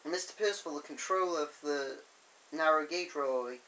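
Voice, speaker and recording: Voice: medium pitch, a little fast, a bit bright, slight background noise, poor audio. Rambling fan reviewer. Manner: enthusiastic, chatty, with many fillers. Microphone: camera on a tripod.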